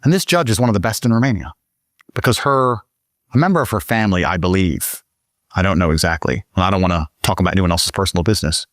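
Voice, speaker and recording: A man from Britain, a podcast guest telling a story in casual conversation, swearing often and pushing his voice up high when he gets worked up. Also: fast talker, no room sound, studio quality. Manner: profane, emphatic, voice climbs high when excited.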